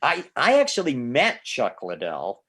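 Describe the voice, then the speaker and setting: A man in casual podcast chat, an excitable storyteller who stammers through restarts and swears freely. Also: medium pitch, measured pace, slightly rough.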